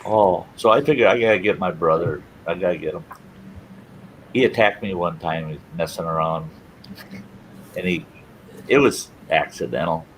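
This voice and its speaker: A man's voice: low-pitched, normal speed, pauses often, slight background noise, low-quality recording. A middle-aged man hosting a show, casually telling a funny personal story and laughing through it. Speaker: storytelling host.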